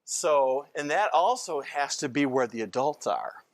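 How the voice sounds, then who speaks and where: A man's voice: mid-range voice, lively intonation, a little slow, no echo. An older male physician giving an informal training lecture, rambling through anecdotes and often breaking off to restart his sentences.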